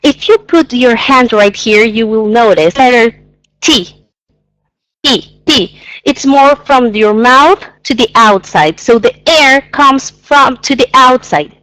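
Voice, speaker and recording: A woman's voice: on the high side, measured pace, few pauses, fairly bright tone, dry recording, rough recording. A woman teaching an English pronunciation lesson, patiently repeating sounds and exaggerating them so learners can hear.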